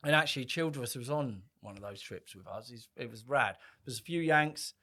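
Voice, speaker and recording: A man's voice: mid-range voice, expressive, normal speed, sharp tone. Laid-back man in his fifties. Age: 50s. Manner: rambling, laid-back storytelling with frequent swearing and restarts. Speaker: guest. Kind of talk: casual podcast chat.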